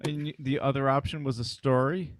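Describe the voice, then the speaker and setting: A man's voice: medium pitch, flat delivery, brisk, dry recording. A man co-hosting a casual chat show, talking bluntly with swearing and rambling asides. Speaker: co-host.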